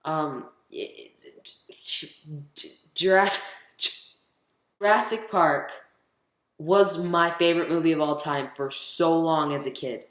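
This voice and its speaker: A man's voice: fairly high pitch, steady tone, measured pace. A teenage boy vlogging casually, rambling and chatty, full of ums as he counts down his favorite movies. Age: teens. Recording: echoey room.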